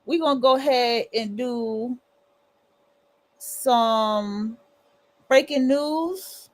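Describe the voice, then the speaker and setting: A woman's voice: fairly high pitch, very slow. A woman hosting a livestream, talking casually and rambling with restarts and blunt, profane asides. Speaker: livestream host.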